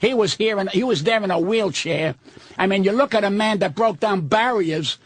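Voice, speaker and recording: A man's voice: sits high, moderate pace, dry recording. An older man, a guest comedian on a radio talk show, ranting bluntly and profanely into a studio microphone. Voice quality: gravelly, husky.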